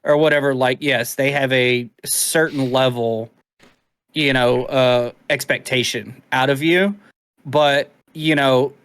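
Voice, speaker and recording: A young adult man co-hosting a podcast, talking in a rambling, animated way with casual swearing. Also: medium pitch, takes it slowly, clean tone, dry recording. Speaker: podcast co-host. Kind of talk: casual chat.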